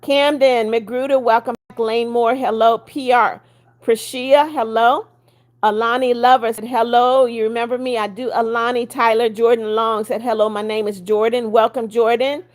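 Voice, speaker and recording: A woman's voice: on the high side, steady tone, moderate pace. A woman in her seventies hosting a casual livestream, greeting viewers by name and reading their comments aloud, blunt when she scolds. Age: 70s. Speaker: livestream host.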